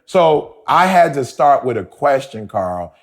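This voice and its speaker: A man's voice: mid-range voice, big pitch swings, measured pace. A man co-hosting a podcast, telling a story in casual talk and repeating himself as he goes. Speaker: podcast co-host.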